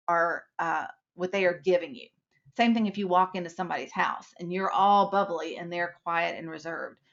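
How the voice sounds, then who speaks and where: A woman's voice: medium pitch, vocal fry, lo-fi sound. A woman instructor giving a live webinar lesson, explaining points with acted-out examples.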